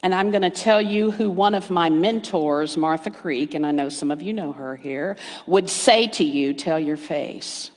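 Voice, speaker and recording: A middle-aged woman minister giving a sermon, storytelling warmly with playful asides and hushed emphasis. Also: on the low side, normal speed, hardly any pauses. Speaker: guest speaker minister. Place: church sanctuary. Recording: reverberant hall.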